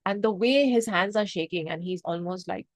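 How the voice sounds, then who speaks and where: A woman's voice: mid-range voice, normal speed, dry recording. A woman from India, reviewing a film to camera in a passionate, emotional, rambling way. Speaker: movie reviewer. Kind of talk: unscripted review chat to camera.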